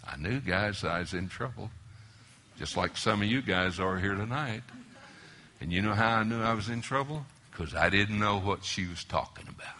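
A man preaching a sermon at a marriage conference, telling his story with animated delivery that swings from loud exclamations to low near-whispers. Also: moderate pace.

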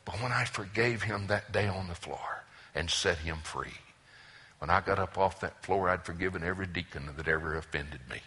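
A man preaching a sermon to his congregation as pastor, impassioned, swinging from loud emphasis to hushed whispers. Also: sits low, moderate pace, slightly rough. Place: church service before a congregation.

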